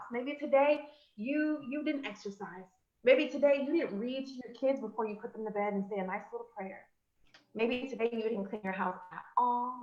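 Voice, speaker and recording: A woman giving an encouraging motivational talk on a call and addressing her listeners as friends. She swings between loud emphatic bursts and low, confiding asides. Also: roomy sound, muffled recording. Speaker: motivational speaker, business coach. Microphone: call audio.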